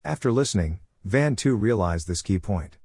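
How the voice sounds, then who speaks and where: A man reading a scripted story recap in a flat, even narration style on a close mic. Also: on the low side, moderate pace, husky, no echo.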